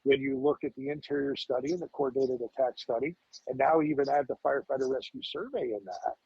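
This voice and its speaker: Gravelly, husky-voiced emphatic man. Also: medium pitch, sing-song, fast talker, darkish tone, dry recording, dull audio. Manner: emphatic, repeats words, asks rhetorical questions. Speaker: fire lieutenant guest. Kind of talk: podcast interview.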